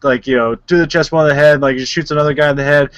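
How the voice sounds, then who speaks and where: A man's voice: on the high side, fairly even intonation, racing, fairly bright tone, no echo, lo-fi sound. A man co-hosting a podcast, retelling a movie in casual chat, rambling with lots of filler words and frequent laughs. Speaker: podcast co-host.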